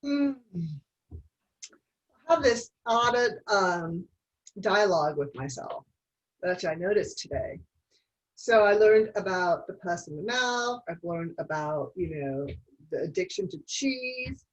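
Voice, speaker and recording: A woman's voice: on the low side, animated, slow pace, pauses often, rough recording. A woman on a coaching call, reflecting aloud and talking through her inner dialogue. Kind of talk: casual reflective talk on a call. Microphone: video call.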